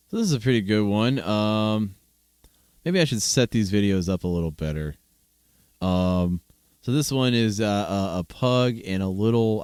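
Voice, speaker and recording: A man's voice: fairly low pitch, clear, resonant tone, no room sound, studio quality. A man in his thirties hosting a solo podcast, chatting casually in a rambling, amused way with frequent restarts. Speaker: podcast host. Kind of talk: solo casual podcast chat reacting to videos.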